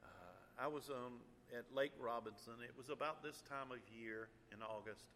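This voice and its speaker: An older male pastor tells a story from the pulpit, his bright, pressing voice breaking off into ums and restarts. He leaps higher and louder whenever the feeling rises. The sound carries a long hall reverb with a faint hiss underneath. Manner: animated storyteller, jumps high and loud when angry or excited; halting, restarts with um and uh. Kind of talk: sermon storytelling.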